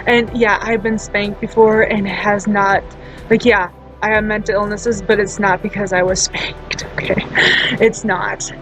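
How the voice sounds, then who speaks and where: A woman's voice: medium pitch, flat delivery, unhurried, over music, rough recording. A woman talking casually in a storytime vlog, blunt and profane, rambling with frequent laughs and restarts. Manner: loose, chatty delivery with many fillers and restarts. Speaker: storytime vlogger.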